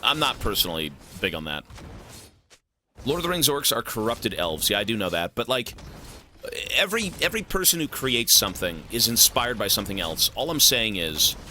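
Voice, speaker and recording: A male streamer rants in casual chat, opinionated and quick to swear. His voice has a very bright, cutting edge and swoops widely in pitch. The mood is loose and conversational. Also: a little hiss or hum. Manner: animated, opinionated rambling with frequent swearing. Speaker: game streamer. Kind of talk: casual chat while gaming.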